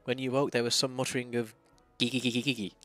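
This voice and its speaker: A man's voice: mid-range voice, little pitch movement, fast talker, fairly bright tone, no echo, voice pushed up, natural voice. A man plays a pompous, eccentric inspector of advancing years, declaiming every line with theatrical grandeur. The sound is dry and close, over faint game music. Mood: grandiloquent.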